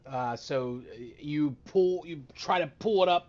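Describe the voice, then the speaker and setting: A man acting as dungeon master on a live tabletop game stream, chatty and excitable with many fillers. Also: on the high side, moderate pace. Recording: dull lo-fi mic.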